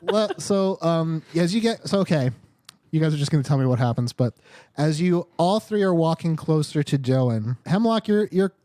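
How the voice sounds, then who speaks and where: Lively man running a tabletop game. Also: fairly high pitch, normal speed, no room sound. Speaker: game master.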